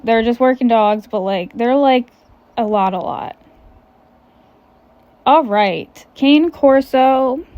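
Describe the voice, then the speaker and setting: A woman's voice: a little high, darkish tone, no room sound. Candid, swearing young woman. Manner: candid, swears often, quick asides. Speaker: podcast host. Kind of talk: casual chat.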